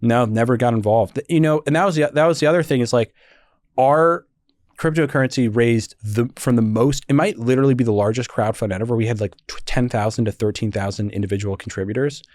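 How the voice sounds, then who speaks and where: A young man recounts stories to a podcast host, talking casually and animatedly, laughing often and piling up fillers. His voice sits at an everyday middle pitch. The sound is dry and close, with no room echo. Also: quick pace, a little mellow. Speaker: podcast guest. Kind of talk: casual storytelling interview.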